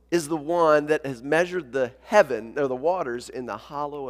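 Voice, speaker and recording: A pastor preaches in a fairly high, lively voice, chatty and full of energy as he calls on his congregation to respond. The sound rings with the long reverb of a church hall. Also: moderate pace, few pauses. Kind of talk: sermon. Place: church sanctuary.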